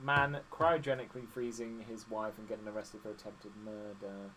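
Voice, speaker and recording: A man's voice: lowish voice, little pitch movement, normal speed, sharp tone, slight background noise, low-quality recording. A young British man co-hosting a radio show, teasing and chatty, saying "mate" often. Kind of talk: casual radio banter. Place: radio studio.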